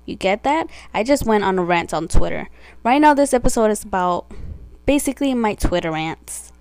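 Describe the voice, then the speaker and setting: A woman's voice: medium pitch, animated, moderate pace, a little mellow, dry recording. Brash, swearing teenage girl ranting. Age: teens. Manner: brash, profane, indignant ranting. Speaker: podcast vlogger. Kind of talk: casual ranting monologue.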